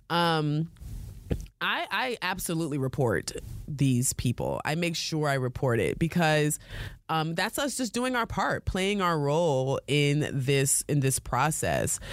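A woman's voice: low voice, dry recording. Chatty woman, dry close sound. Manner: chatty, laughs often, frequent fillers. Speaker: podcast host. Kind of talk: casual solo talk.

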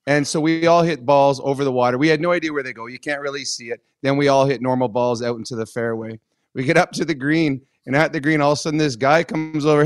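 A man co-hosting a sports show, telling a golf anecdote in relaxed casual chat. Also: mid-range voice, fast, dry recording. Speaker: co-host.

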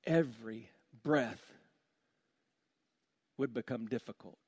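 A man preaching a sermon with passion, dropping to a hushed voice on heavy points. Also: medium pitch, takes it slowly, slightly rough. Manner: impassioned, drops to a hush on heavy points. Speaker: pastor.

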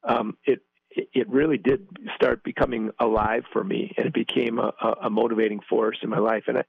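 A man's voice: medium pitch, fairly even intonation, brisk, vocal fry, slightly rough, no room sound. A man calling in as a guest, speaking earnestly and hesitantly with many fillers. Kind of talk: conversational interview. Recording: tinny phone line.

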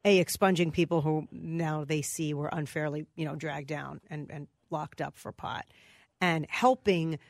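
Female radio co-host, relaxed and hedging as she talks, close and dry studio sound. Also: sits low, unhurried, no echo. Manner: easygoing, thinks aloud with hedges. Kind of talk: casual radio chat. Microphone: studio microphone.

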